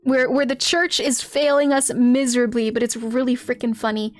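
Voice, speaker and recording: A woman's voice: fairly high pitch, normal speed, dry recording, faint music behind. A woman streaming a game live, laughing often and talking to her chat while reading out game lines. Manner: giggly, animated, reads out game lines.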